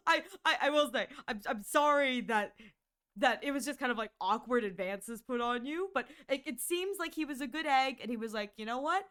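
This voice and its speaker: Giggly, animated woman streamer. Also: sits high, moderate pace, clean tone. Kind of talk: casual chat with viewers on an art stream.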